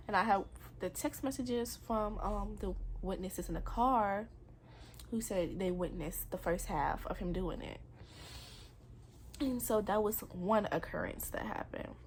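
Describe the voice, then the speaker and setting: A woman's voice: medium pitch, darkish tone, a little hiss or hum. Young woman telling a painful story. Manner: candid, emotional, rambling. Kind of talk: personal confessional vlog.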